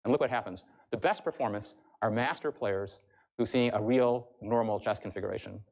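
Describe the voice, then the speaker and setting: Fast-talking male professor lecturing. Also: on the low side, a little mellow. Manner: brisk, explanatory, addresses the audience. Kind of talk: university lecture. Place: lecture hall.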